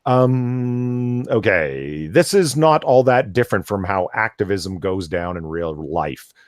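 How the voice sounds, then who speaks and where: A man's voice: fairly low pitch, animated, slow pace, no room sound, clean studio sound. A man co-hosting a comics podcast, reading an article aloud with sarcastic, exasperated commentary. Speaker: podcast co-host.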